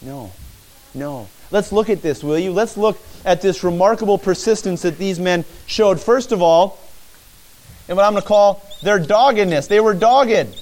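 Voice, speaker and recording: A man preaching a sermon as pastor, animated, acting out the shouted pleas of the people in the story. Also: high-pitched, normal speed.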